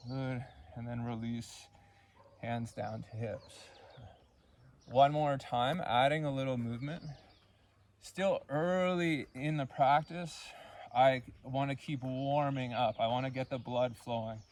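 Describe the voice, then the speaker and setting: A man leading a yoga class, cueing poses and breaths in a calm, unhurried way and counting the holds. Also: medium pitch. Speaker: yoga instructor. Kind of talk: guided yoga class instruction.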